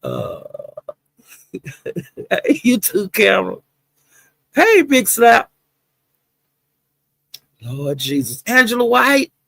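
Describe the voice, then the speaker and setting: A woman hosts a casual livestream, greeting viewers one by one with lively, colloquial exclamations and frequent laughter. Her voice has a gravelly, creaky edge, and the recording is dry and close with no room sound. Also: on the high side, drawn-out words, pauses often, dry recording. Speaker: livestream host.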